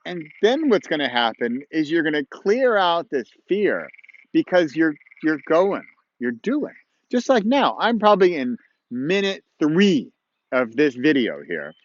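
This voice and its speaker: A man's voice: fairly high pitch, sing-song, measured pace, no room sound, muffled recording. A man hosting his own show in casual, encouraging talk, chatty and rambling with playful asides, recorded outdoors at dawn. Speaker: host of a motivational podcast-vlog.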